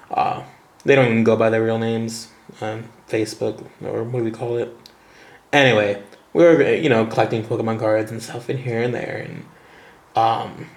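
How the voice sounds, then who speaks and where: A man's voice: on the low side, creaky. A man vlogging in a casual, rambling storytelling style while unboxing cards, chatty with lots of fillers and laughter. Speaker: vlogger and teacher.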